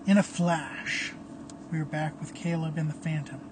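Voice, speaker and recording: Slow, hushed male horror storyteller. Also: on the high side, little pitch movement, background noise. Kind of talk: dramatic horror story narration.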